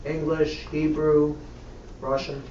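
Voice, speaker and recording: A man's voice: fairly high pitch, monotone, slow, warm tone. A man leading a synagogue prayer service, reciting prayers and making chatty, joking asides to the congregation. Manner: chatty and jokey between prayers. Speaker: service leader. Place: synagogue sanctuary. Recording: echoey, dull room sound from far off. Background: congregation noise.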